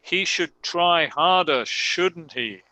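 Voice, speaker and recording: A male English teacher talks through a grammar lesson at a slow, careful pace. His voice is slightly high and bright. He reads each example sentence deliberately and stops to correct himself out loud, and the recording is dry and close. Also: expressive, no echo, rough recording.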